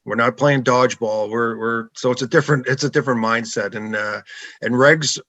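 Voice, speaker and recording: A middle-aged man, a former goalie, telling stories in a relaxed podcast chat and laughing now and then. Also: medium pitch, a little fast, dry recording. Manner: laid-back anecdotal, laughs often. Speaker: guest, former hockey goalie. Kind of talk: casual podcast storytelling.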